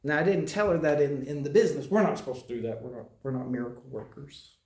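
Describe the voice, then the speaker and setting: A man who works as a hospital chaplain speaks informally to a congregation in a meetinghouse worship room, telling stories in a halting, conversational way full of restarts and repeated phrases. His voice sits on the high side, animated and a bit dark in tone, and the room sounds echoey.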